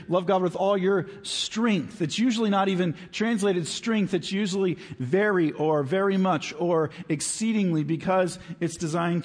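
Pastor guy preaching, high husky voice, lots of hall echo, talks easy then leans hard on words. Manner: conversational, emphatic, stretches key words slowly. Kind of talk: sermon. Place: church sanctuary. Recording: long hall reverb.

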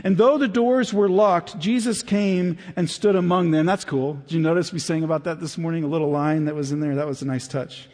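A man preaching a sermon as pastor, conversational and animated, dropping to a hush at times. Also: a little high, brisk, few pauses. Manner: conversational, swings between animated and hushed. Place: church sanctuary. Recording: reverberant hall.

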